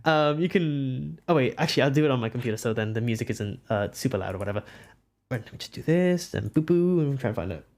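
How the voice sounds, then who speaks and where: A young Welsh art streamer talks casually to viewers, rambling and breaking into frequent giggles. The pitch swings widely and expressively, at a middling height overall. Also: expressive, quick pace, darkish tone. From Wales. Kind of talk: casual live-stream chat.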